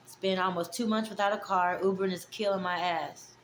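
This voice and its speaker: A woman's voice: mid-range voice, fairly even intonation, fairly quick, a little hiss or hum. Roomy-sounding woman in her forties venting. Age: 40s. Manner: candid, rambling and affectionate. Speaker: vlogger. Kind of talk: casual heartfelt vlog monologue.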